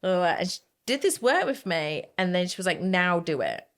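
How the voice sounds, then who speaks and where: A middle-aged woman speaks as an interview guest in a rather low voice. She tells her story in a lively, animated way, and she speaks frankly. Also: brisk. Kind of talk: casual interview conversation.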